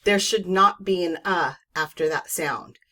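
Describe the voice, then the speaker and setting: Brief: female reading tutor, slightly low voice, unhurried and reassuring delivery. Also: pushed and bright. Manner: slow, patient, reassuring explanation with demonstrated whispers. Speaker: reading teacher. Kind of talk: instructional video lesson.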